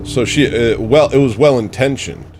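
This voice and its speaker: A man hosting a satirical livestream, telling stories in a sarcastic, deadpan way from a room at home. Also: medium pitch, normal speed, music in the background. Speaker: livestream host.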